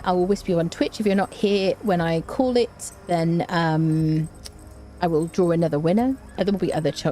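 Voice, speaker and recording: A woman's voice: on the low side, mellow, a little hiss or hum. A young woman, chatting playfully and laughing often as she live-streams a game. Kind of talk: casual live-stream chat while gaming.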